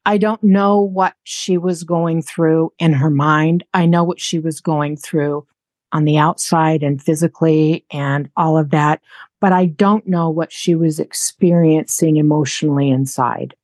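A woman's voice: deep voice, steady tone, a little slow, dry recording. A woman in her sixties, a podcast guest, speaking candidly and reflectively, often repeating herself as she thinks. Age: 60s. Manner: soft-spoken, candid, repeats phrases while thinking. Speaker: interview guest.

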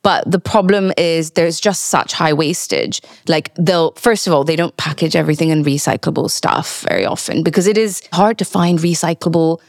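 A woman's voice: sits low, normal speed, vocal fry, few pauses, no room sound, clean studio sound. A woman, co-founder of a food startup, explaining her business as a podcast guest with frequent "like" fillers. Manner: enthusiastic, uses "like" often. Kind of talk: casual interview chat.

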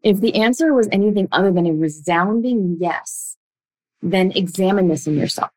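A young woman coaching listeners on relationship patterns in a blunt, emphatic way, with sudden shifts between quick bursts and slow, drawn-out words. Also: mid-range voice, darkish tone, poor audio. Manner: blunt, emphatic, speeds up and slows down a lot. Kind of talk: direct-to-listener coaching talk.

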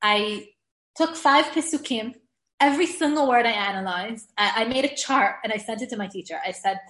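A woman's voice: on the high side, normal speed, a bit bright. A woman teaching a class on Hebrew grammar, explaining rules in a friendly, self-deprecating way and laughing often. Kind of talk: class lecture. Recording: echoey room.

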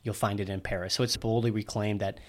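A man's voice: fairly low pitch, little pitch movement, fast talker. A man hosting a podcast, explaining things in a chatty way and teasing himself. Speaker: podcast host. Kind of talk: casual podcast conversation.

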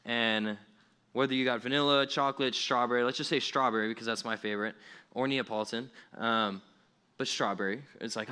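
Bright-voiced young man preaching. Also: mid-range voice, fairly quick, clean tone. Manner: animated, conversational preaching with asides. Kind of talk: sermon.

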